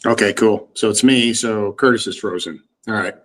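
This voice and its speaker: A man's voice: lowish voice, normal speed. A man co-hosting a casual live stream, upbeat and friendly, greeting viewers and reading out their comments.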